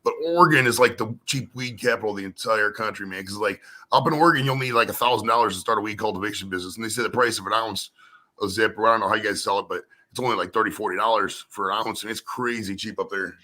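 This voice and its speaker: An American man chatting casually and swearing now and then over a video call. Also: lowish voice. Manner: animated, swearing, does quick accent impressions. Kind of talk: casual chat.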